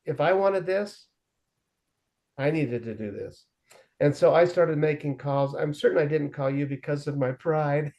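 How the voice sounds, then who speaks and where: A man's voice: on the high side, unhurried, darkish tone. A middle-aged man frankly telling his own recovery story as an interview guest, with self-deprecating humor. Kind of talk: candid personal storytelling.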